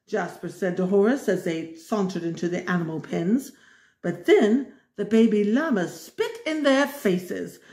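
A woman reading a storybook aloud in an expressive way, adding wry asides of her own. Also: medium pitch, roomy sound.

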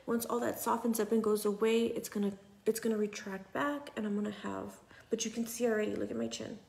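A young woman talking casually to her phone at home, chatty and often dropping to a soft near whisper. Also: a little high, fairly even intonation, brisk, gravelly. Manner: chatty, repeats "you guys", drops to a near whisper at times. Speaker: patient sharing her recovery. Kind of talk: casual selfie vlog. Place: at home indoors.

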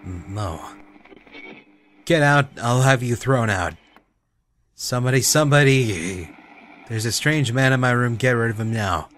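A man's voice: sits low, unhurried, long pauses, a little hiss or hum. A man putting on a frail, confused old mother. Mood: frightened.

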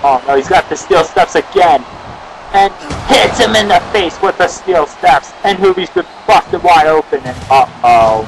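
A young man giving excitable amateur play-by-play commentary on a wrestling match, often shouting exclamations. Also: on the high side, unhurried. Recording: noisy amateur video with crowd.

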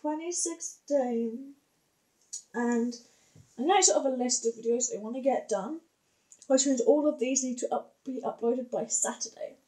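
A woman's voice: on the high side, normal speed, warm tone, rough recording. A young woman chatting casually in a home vlog, rambling with many fillers and hesitations. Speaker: vlogger.

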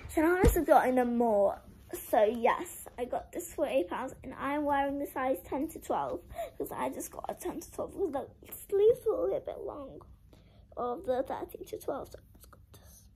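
A young girl chatting through a clothing-haul vlog. Her voice sits high and swoops up and down, and she leans on "like" constantly. She sounds dramatic about small disappointments. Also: lively intonation, moderate pace, creaky, warm tone, slight background noise, low-quality recording. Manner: chatty, heavy use of "like", dramatic about being sad. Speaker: vlogger.

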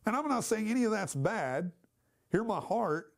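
A man's voice: high-pitched, big pitch swings, moderate pace, vocal fry. A man teaching a church Bible study class, talking in a conversational, emphatic way and putting questions to the class.

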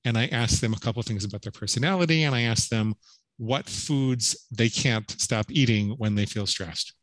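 A man's voice: medium pitch, normal speed, a bit bright, dry recording, rough recording. Earnest middle-aged man telling his story. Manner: earnest, emphatic, with frequent restarts and "right?" tags. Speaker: podcast guest. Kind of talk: storytelling interview talk.

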